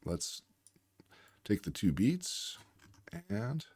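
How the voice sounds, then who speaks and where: A man's voice: fairly low pitch, sing-song, extremely slow, darkish tone, slightly rough. A man working as a reading tutor, patiently explaining word spellings while acting out both teacher and student. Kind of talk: instructional demonstration.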